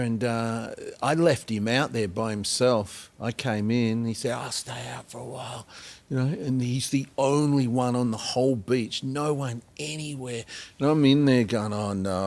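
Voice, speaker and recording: An Australian man, a singer-songwriter guest, telling rambling anecdotes with many pauses and acted-out quotes. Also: mid-range voice, darkish tone. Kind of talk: storytelling in a podcast interview.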